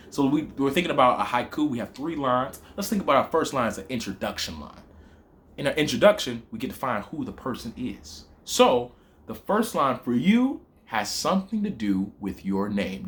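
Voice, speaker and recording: A young man with a Southern accent, teaching a playful lesson that mixes in rap bars. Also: medium pitch. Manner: lively, playful, chanting lines slowly for emphasis.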